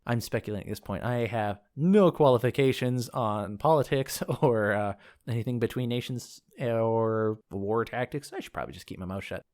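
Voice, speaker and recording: A man's voice: mid-range voice, normal speed, few pauses, darkish tone. Man musing on game lore, casual. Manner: thinks aloud, wanders into asides. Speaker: podcast host discussing game lore. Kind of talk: casual commentary while reading from a book.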